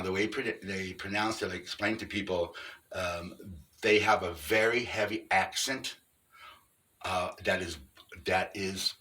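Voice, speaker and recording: Deep-voiced middle-aged man, earnest and halting. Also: pushed and bright, distant mic. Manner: earnest, halting, explains step by step. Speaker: vlogger on Sasquatch encounters. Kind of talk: casual unscripted monologue.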